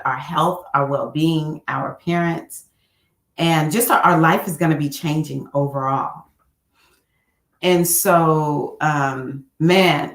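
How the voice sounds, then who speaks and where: A woman with a lowish voice talks casually to her livestream viewers as a spiritual coach. She chats freely and flips into a high, squealing voice when acting out her own quotes. The sound carries a roomy echo. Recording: echoey room.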